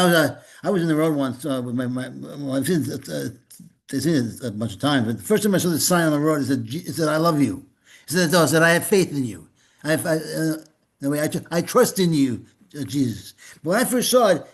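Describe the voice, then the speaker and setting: Man, minister, informal sermon, rambling, repeats words, folksy, slightly high voice. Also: expressive, fairly quick, husky. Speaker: minister leading a spiritual gathering.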